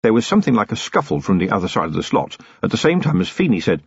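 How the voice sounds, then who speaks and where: A man narrating a novel as an audiobook, in an expressive, characterful storytelling way. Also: fairly low pitch, quick pace, gravelly, breathy edge, no room sound. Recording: dull lo-fi close-miked recording.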